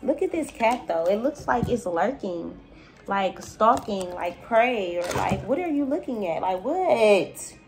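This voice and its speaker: With music in the background, a spiritual reader gives a casual, intuitive reading directly to her viewers, calling the listener baby. Her mid-range voice is animated and a little slow, and her chatty talk is full of loose filler.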